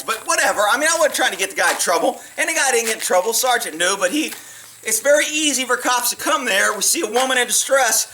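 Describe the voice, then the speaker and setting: A middle-aged man, a police officer, telling stories in a blunt, profane, animated way. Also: very high voice, fast, distant mic, a little hiss or hum. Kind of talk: casual storytelling monologue.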